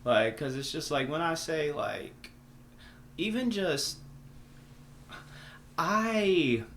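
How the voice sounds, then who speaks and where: A young man on a podcast, telling stories in an animated, slangy way with lots of swearing. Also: fairly high pitch, extremely slow, slight background noise. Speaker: podcast guest. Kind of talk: casual conversation.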